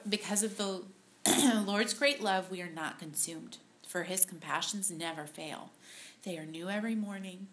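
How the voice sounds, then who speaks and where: A woman speaks slowly to a small audience, pausing often with fillers as she shares a personal faith story. Her voice has a bright, forward tone, and she turns softly emotional. Faint ambient noise sits behind her. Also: fairly low pitch. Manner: halting, many ums, softly emotional. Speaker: speaker at a women's ministry talk. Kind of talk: personal testimony talk.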